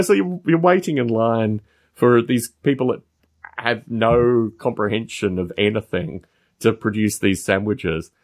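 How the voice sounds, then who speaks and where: A man with a gravelly edge in his voice chats casually on a podcast, spinning wry anecdotes with sarcastic asides. His pitch moves around a lot as he tells them, rising and dropping for effect. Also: a little mellow. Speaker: podcast co-host. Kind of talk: casual chat.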